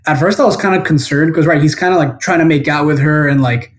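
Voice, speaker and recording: Guy calling in remote, kinda high voice, rambles a lot with fillers. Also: fast. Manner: rambling, heavy use of fillers. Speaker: guest caller. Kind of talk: casual film discussion. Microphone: phone or remote call.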